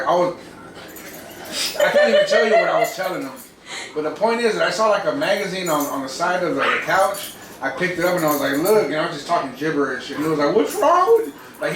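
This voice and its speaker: A young man in his twenties trades party stories on a podcast, cursing casually and jumping into quoted voices. He sits back from the mic in an echoey room with a noisy background. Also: on the high side. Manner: animated, profane, acts out quoted voices. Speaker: podcast co-host. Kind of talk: casual storytelling chat. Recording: roomy, distant mic, noisy.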